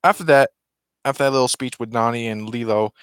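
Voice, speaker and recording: A man's voice: mid-range voice, fairly quick, clear, resonant tone, no room sound, studio quality. A man casually retelling a film's story, rambling with many restarts and self-corrections. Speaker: vlogger.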